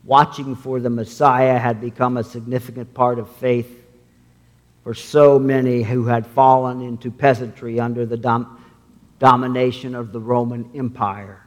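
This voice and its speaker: A male pastor preaching a sermon, measured as he reads scripture, with a long reverb in a sanctuary. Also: medium pitch, little pitch movement.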